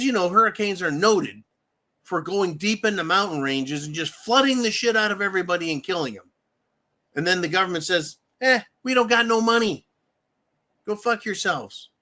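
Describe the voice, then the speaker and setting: A man's voice: high-pitched, sharp tone. A man hosting a profane political rant, angry and mocking, with frequent swearing. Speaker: political commentary host.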